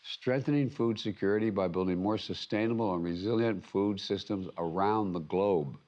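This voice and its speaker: An older American man delivering a formal prepared speech as head of state, emphatic and measured, often restarting and repeating words. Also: sits low, darkish tone, lo-fi sound. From United States. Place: conference venue.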